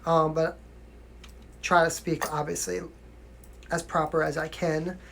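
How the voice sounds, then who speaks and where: A man's voice: fairly high pitch, level tone, measured pace, creaky, fairly bright tone. A young man from New York with a mild New York accent, chatting casually on a livestream as a singer answering viewer questions, often asking "you know what I mean" and laughing.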